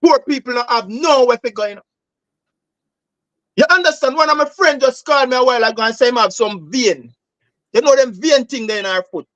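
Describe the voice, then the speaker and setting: A man's voice: very high-pitched, a little fast, a bit bright, dry recording, lo-fi sound. A Jamaican man hosting a political talk show, speaking passionately and emphatically in patois-laced English, often calling listeners "bro.". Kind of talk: heated political commentary.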